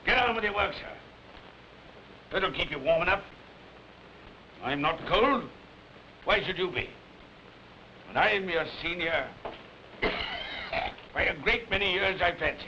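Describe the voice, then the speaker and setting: An actor with a British accent playing a mean, cold old miser who scolds in curt, sneering, clipped phrases. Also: male voice, high-pitched, lively intonation, slow pace, pauses often, background noise. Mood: scolding. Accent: British English. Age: older. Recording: dull 1930s film soundtrack with music.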